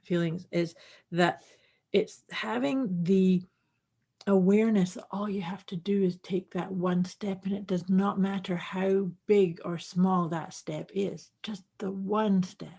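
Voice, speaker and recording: A woman co-hosting a podcast in casual chat, speaking reflectively and pausing to find her words. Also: mid-range voice, fairly even intonation, vocal fry, mellow, slightly rough. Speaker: podcast co-host.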